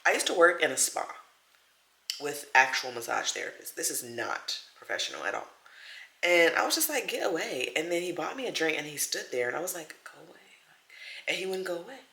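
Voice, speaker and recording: Chatty young woman, bright and echoey. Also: sits low, a little fast. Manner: chatty, animated, acts out quotes. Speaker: vlogger. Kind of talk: casual storytelling vlog. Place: home, small room. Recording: echoey room.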